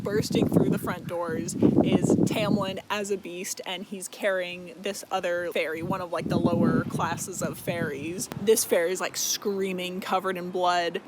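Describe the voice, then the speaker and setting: A man's voice: sits high, normal speed, few pauses, very noisy. A young man giving a casual book recap as a vlogger, rambling and swearing, with lots of fillers. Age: young adult. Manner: rambling, profane, filler-heavy.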